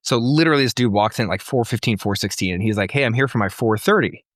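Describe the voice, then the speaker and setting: A man's voice: lowish voice, fast talker, a bit bright, no room sound, studio quality. A man co-hosting a casual comedy podcast, telling an exasperated story with plenty of swearing. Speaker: podcast co-host.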